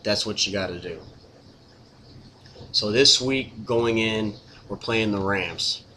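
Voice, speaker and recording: A man's voice: fairly low pitch, slow, pushed and bright, a little hiss or hum. A man ranting casually to camera as a sports fan, exasperated, repetitive and blunt.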